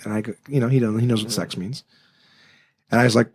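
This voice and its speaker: A man who is a comedian, telling a story on a podcast in casual chat, animated and swearing freely. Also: mid-range voice, fast talker, long pauses, slightly rough.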